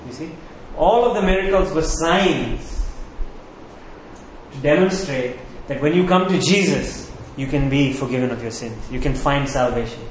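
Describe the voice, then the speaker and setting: A man preaching a sermon as pastor, emphatic, repeating key phrases and slowing down on them. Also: fairly high pitch, animated, slight background noise. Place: church sanctuary. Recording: very echoey hall, faint ambience.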